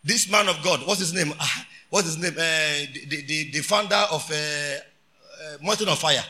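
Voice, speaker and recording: Bright, shouting Nigerian preacher. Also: male voice, fairly high pitch, normal speed. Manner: preaching with shouted emphasis and storytelling, Pidgin phrases. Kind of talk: sermon.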